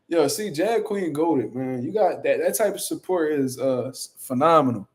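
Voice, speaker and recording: A man's voice: fairly high pitch, expressive, moderate pace, few pauses, husky. A young man hosting a boxing channel, chatting casually on a livestream in a boastful, profane, rambling way.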